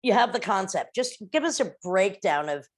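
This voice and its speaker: A woman's voice: mid-range voice, sing-song, moderate pace. A woman hosting a podcast, chatting casually with guests, often jumping in and laughing. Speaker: podcast host. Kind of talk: casual interview chat.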